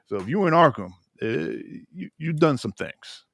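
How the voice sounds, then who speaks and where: A man's voice: a little high, big pitch swings, moderate pace, gravelly, a bit bright, no echo, studio quality. A man co-hosting a podcast, recapping a TV episode in casual, rambling chat full of restarts. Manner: rambling, many restarts and fillers. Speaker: podcast co-host.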